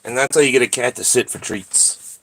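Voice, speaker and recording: A man chats casually on his live stream. He coos playfully at his cats and voices what they might be thinking. His mid-pitched voice sounds dry and close. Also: normal speed, gravelly, fairly bright tone, no room sound. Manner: talks to his cats in a playful sing-song, voices their thoughts. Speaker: streamer hosting a claw-machine game.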